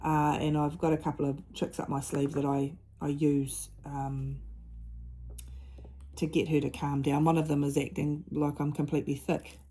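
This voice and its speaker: A middle-aged woman talking through a personal story in a casual chat, earnest and halting, often restarting her sentences. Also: sits low, little pitch movement, dark tone, a little hiss or hum. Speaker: mother and diamond-painting vlogger.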